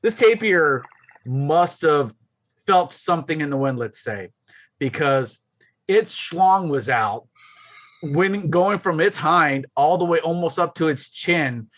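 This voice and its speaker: A man's voice: a little high, lively intonation, slow, a bit bright, no room sound. A man co-hosting a podcast, telling a rambling anecdote full of fillers. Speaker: podcast co-host. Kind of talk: casual chat.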